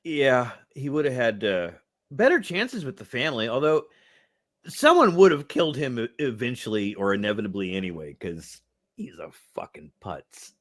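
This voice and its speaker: Lively, profane man reviewing a movie. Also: mid-range voice, moderate pace. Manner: swearing, laughing, animated retelling of scenes. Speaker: podcast co-host. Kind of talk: casual movie review chat.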